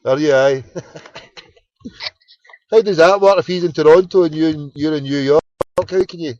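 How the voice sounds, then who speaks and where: Glaswegian male host, chatty and casual, a bit high-voiced, dry lo-fi home recording. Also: measured pace, a little mellow, no echo. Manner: chatty, fumbling with the tech between calls. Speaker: phone-in show host. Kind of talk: casual phone-in chat. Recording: dull, lo-fi home broadcast.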